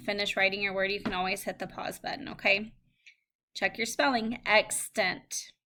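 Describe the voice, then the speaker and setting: Bright-voiced woman teacher dictating words. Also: medium pitch. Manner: slow, clear word-by-word dictation. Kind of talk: recorded phonics lesson.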